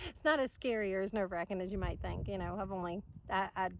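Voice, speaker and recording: A woman, chatty and excitable, telling a story to camera outdoors in the sun and laughing often. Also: mid-range voice, fast talker, a little hiss or hum. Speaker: vlogger.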